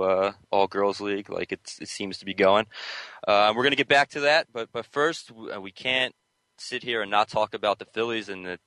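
A man's voice: on the low side, fairly bright tone, no echo, rough recording. A man co-hosting a sports talk radio show who jokes around loosely, with plenty of fillers. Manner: loose and joking, filler-heavy. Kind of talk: casual sports radio banter.

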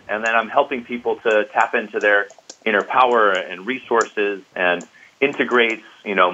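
A man's voice: lowish voice, bright, forceful tone. A man who teaches qigong, speaking as an interview guest, enthusiastic and peppered with "you know". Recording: tinny phone-like line.

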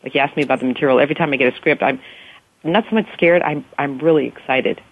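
A woman's voice: very deep voice, fast, slightly rough, no room sound. A woman actress talking about her work in a casual interview, gushing and enthusiastic, often restarting her sentences. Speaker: actress guest. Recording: tinny phone line.

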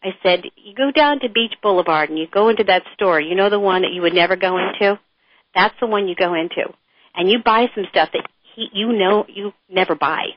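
A middle-aged woman guest telling frank stories in a lively conversational interview. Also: on the low side, no echo. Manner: animated storyteller, frank and chatty. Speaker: author and guest. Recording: dull dry lo-fi sound.

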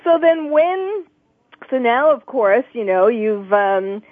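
A woman's voice: fairly high pitch, very animated, slow, no room sound. Hesitant woman hosting a radio talk show. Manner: hesitant, many fillers, laughs easily. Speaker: talk show host, psychiatrist. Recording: tinny phone-like, dry sound.

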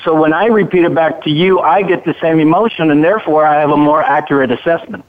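Guy on a tinny phone line, fairly high voice, sure of himself, explaining body language on the radio. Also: fast talker. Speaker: radio show guest, body language expert. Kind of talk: conversational radio interview.

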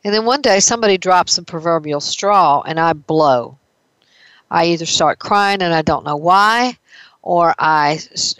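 A woman's voice: on the low side, a bit bright, clear, resonant tone, dry recording, poor audio. A woman therapist giving a conversational talk on emotions, explaining with everyday examples.

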